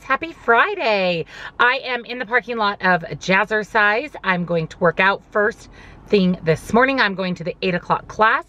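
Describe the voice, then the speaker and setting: A woman with a mid-range, slightly bright voice narrates a casual daily vlog to her camera. She's upbeat and chatty as she films from her car in a parking lot and from her office.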